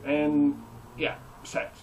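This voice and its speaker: A young man giving a joking, animated recap as a reviewer. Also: a little high, very slow, distant mic, a little hiss or hum, low-quality recording. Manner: animated, joking, mimics characters. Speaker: anime reviewer. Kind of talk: comedic recap.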